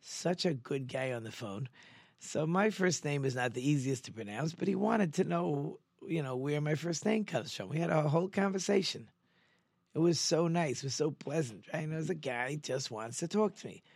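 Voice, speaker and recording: A man's voice: animated, moderate pace, gravelly, breathy edge, no room sound, studio quality. A man who is a rabbi, teaching Torah in a chatty, storytelling way and often checking in with listeners with "right?". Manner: drops into quieter, lower asides. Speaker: rabbi hosting a Torah talk show.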